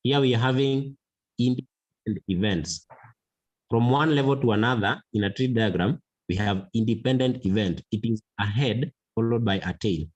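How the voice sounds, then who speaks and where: A man teaching a mathematics lesson, slow and deliberate, repeating key words for emphasis. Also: medium pitch, poor audio. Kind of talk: classroom lesson.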